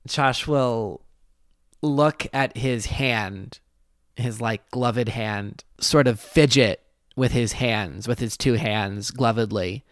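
A man playing a tabletop role-playing game, describing his character's actions in a hesitant, halting way. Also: mid-range voice, no echo, clean studio sound. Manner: hesitant, halting, with many fillers. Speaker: player.

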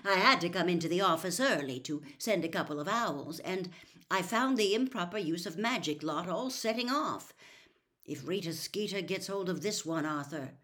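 An anxious middle-aged wizard official, put on by a woman storyteller talks in an urgent, hurried rush. The voice rises a little above her usual tone and comes out louder. It suits a storybook reading. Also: on the low side, expressive.

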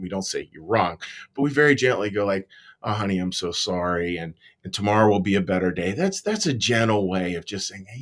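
A man giving a relaxed, conversational devotional talk, earnest and often repeating his words as he goes. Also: medium pitch. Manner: earnest, repeats words, self-deprecating asides.

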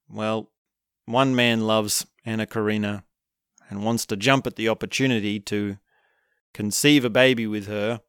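A man casually recapping a film, telling it with animated energy and acting out the characters' lines with chuckles. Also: on the low side, clean tone, dry recording, studio quality. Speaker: film reviewer.

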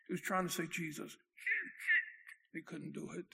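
A man preaching a sermon as pastor, telling a story dramatically and swinging from loud to hushed. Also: fairly high pitch, steady tone, fast talker, gravelly, slightly rough.

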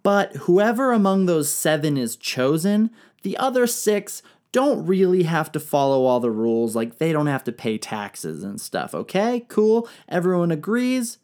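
A woman's voice: deep voice, animated, a little slow, hardly any pauses, darkish tone. A woman retelling ancient history in a comedic, irreverent style, full of slang, swearing and jokes. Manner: irreverent, profane, slangy, jokey.

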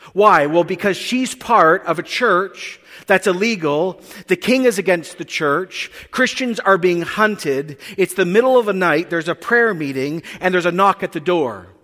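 A man's voice: sits high, a bit bright. A man preaching a sermon, telling the story with animation and acting out the characters. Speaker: pastor. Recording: long hall reverb.

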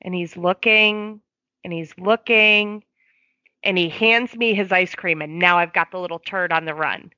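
A woman's voice: on the low side, a little slow, no echo, dull audio. A woman, a foster parent, telling a story in conversation and acting out the quoted dialogue. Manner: lively, acts out quoted dialogue.

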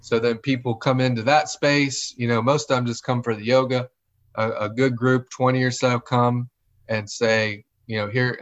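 A male pastor talking casually and animatedly, often acting out what other people say. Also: mid-range voice. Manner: animated, acts out quoted voices. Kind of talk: casual conversation. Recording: dull lo-fi audio.

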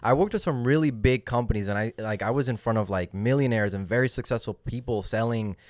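A man's voice: medium pitch, fast talker, darkish tone, no echo, clean studio sound. Young man telling stories. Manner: rambling storytelling with many restarts, switching into Spanish phrases. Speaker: podcast guest. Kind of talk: casual chat. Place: podcast studio.

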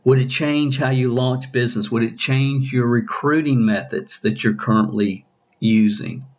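On his podcast, a male business coach with a steady, mid-range voice and moderate pace quizzes listeners with one question after another. He repeats himself and restarts sentences a lot, and the sound quality is lo-fi.

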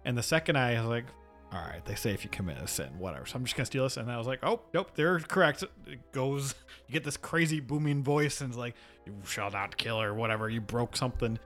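Relaxed man chatting about games. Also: medium pitch, quick pace, soft background music. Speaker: podcast co-host. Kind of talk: casual game review chat.

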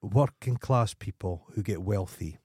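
A man's voice: on the low side, darkish tone, breathy edge, no echo, clean studio sound. A man co-hosting a podcast, talking in a casual, sweary, ranting way and cutting in often. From Scotland. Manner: sweary, ranting, quick to interrupt. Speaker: podcast co-host. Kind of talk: casual chat.

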